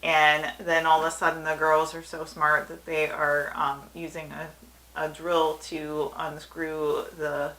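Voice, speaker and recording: A woman co-hosting a casual episode review, retelling scenes with animated bits of acted-out dialogue. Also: sits low, measured pace, poor audio. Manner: animated retelling, acting out quoted lines. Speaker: podcast co-host.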